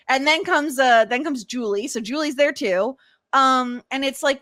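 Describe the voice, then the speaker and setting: Woman, podcast host, casual recap chat, rambling, slightly high voice, dry close mic. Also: normal speed, pushed and bright, no echo. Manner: chatty, lots of fillers and restarts, laughs while retelling scenes.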